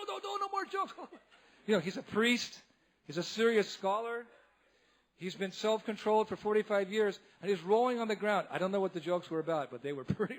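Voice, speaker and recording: Male monk lecturer, high-pitched, lively comic storyteller who breaks into laughter. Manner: animated, laughs often, acts out others' voices. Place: temple hall.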